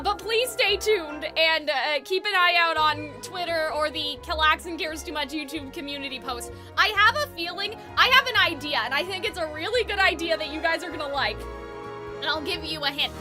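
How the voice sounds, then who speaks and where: A woman with a high, congested voice hosts a casual livestream, chatty and giggly as she rambles along. Music plays clearly behind her. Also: moderate pace. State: congested, sniffly. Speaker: YouTube host.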